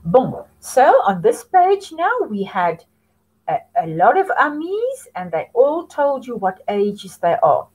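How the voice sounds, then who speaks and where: Slow, lively-voiced woman teaching children. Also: a little high, slightly rough, rough recording. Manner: slow, patient, sing-song prompting for repetition. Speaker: French teacher. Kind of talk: children's language lesson.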